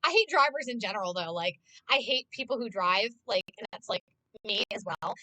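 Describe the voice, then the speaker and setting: A woman's voice: medium pitch, animated, a little fast, sharp tone, no echo, low-quality recording. A woman streamer chatting casually, ranting with lots of swearing and exasperation.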